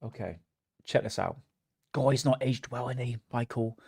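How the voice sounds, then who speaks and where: A man's voice: medium pitch, normal speed, vocal fry, darkish tone, husky, dry recording, clean studio sound. A man hosting a livestream, chatting casually and mocking what he watches, often laughing. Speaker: livestream host.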